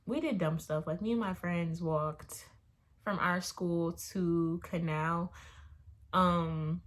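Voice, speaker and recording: A woman's voice: on the low side, steady tone, slow pace. A young woman chatting casually on her vlog, answering viewer questions in a rambling way with lots of filler words. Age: young adult. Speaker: YouTuber answering Q&A. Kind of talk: casual chat.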